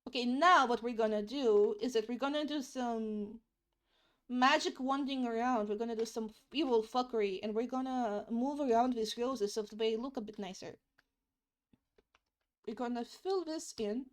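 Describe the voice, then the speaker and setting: A woman's voice: a little high, normal speed. A young woman streaming as she draws, chatting in a rambling way. She repeats herself and swears casually, and English is not her first language. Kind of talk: casual chat while drawing.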